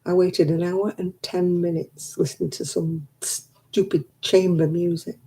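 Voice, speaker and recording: A woman's voice: on the low side, flat delivery, unhurried, warm tone, low-quality recording. An older woman, chatting casually with live viewers and grumbling in an exasperated way. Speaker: live streamer.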